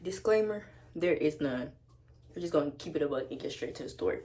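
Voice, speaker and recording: A woman's voice: deep voice, lively intonation, a little fast, warm tone. A young woman telling a storytime vlog at home, blunt and slangy, with plenty of casual profanity. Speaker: vlogger. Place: at home with her dog.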